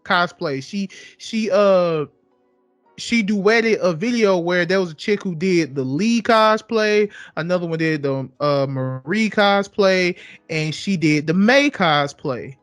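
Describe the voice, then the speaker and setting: A young man co-hosting a podcast, telling stories in a casual, animated way, swearing freely and repeating himself for emphasis. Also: high-pitched, slow, no echo, faint music behind. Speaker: podcast co-host. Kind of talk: casual storytelling chat.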